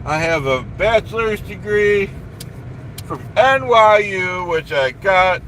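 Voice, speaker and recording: A high-voiced man rants on a live stream, boastful and indignant, circling back to the same complaints again and again. Steady noise from outdoors and passing vehicles sits under his voice. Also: slow pace, low-quality recording. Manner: boastful, indignant, repeats himself.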